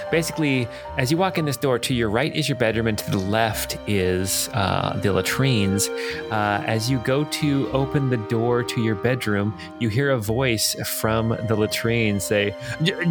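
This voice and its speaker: A man's voice: medium pitch, a little slow, over music. A man narrating a tabletop game as dungeon master, rambling with chuckling asides.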